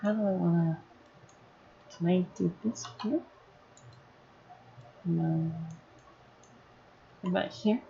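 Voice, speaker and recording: A woman running a casual live software tutorial, thinking aloud as she works. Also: on the low side, fairly even intonation, takes it slowly, creaky, pauses often, highs cut off, slight background noise. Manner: thinking aloud while working, casual and chatty. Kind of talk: live screen-recorded tutorial.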